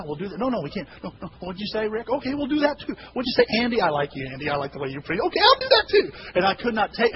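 A man with a high voice preaches to his church, telling personal stories and acting out the people in them, sometimes bursting into shouts. The recording sounds dull and lo-fi, with clear hiss underneath. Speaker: pastor. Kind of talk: sermon.

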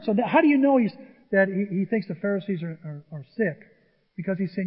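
A male pastor preaching a sermon, animated and acting out the people he quotes. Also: sits high, quick pace. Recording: dull sound in a large reverberant hall.

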